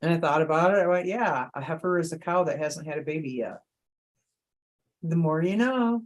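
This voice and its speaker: A woman's voice: sits low, animated, normal speed. A middle-aged woman, a guest on a chat panel, telling candid rambling stories and laughing often. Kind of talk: casual storytelling chat.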